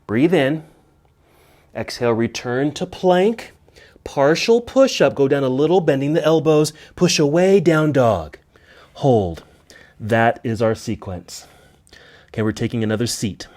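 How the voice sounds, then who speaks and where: Man, middle-aged, yoga instructor, calm pose-by-pose cueing, slightly out of breath. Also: mid-range voice, unhurried, pauses often. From United States. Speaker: yoga teacher. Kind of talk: guided yoga class instruction.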